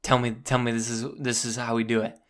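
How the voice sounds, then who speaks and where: A man's voice: mid-range voice, monotone, fairly quick, voice pushed down, natural voice. A man voicing a desperate armored male hero, earnest and subdued, while retelling a movie scene. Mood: pleading.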